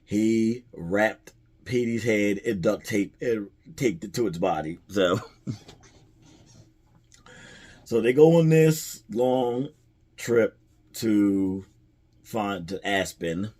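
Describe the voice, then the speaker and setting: A man's voice: lowish voice, drawn-out words, pauses often, darkish tone. A man casually retelling a movie's plot in a rambling way, chuckling at the jokes as a film reviewer.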